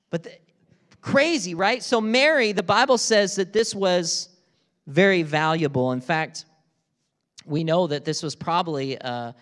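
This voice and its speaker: A pastor in middle age preaching to his congregation, with a voice that sits a touch high for a man. He talks like he is chatting, telling stories and tossing out questions to the room. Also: long reverb tail. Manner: conversational, animated storytelling with rhetorical questions. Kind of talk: sermon.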